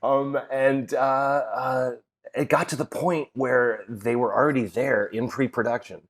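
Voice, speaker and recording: A man's voice: medium pitch, fairly even intonation, a little slow. A middle-aged man, a podcast guest and actor, chatting casually and telling stories with frequent laughs, fillers and restarts. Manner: storytelling, laughs often, many fillers and restarts. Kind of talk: casual chat.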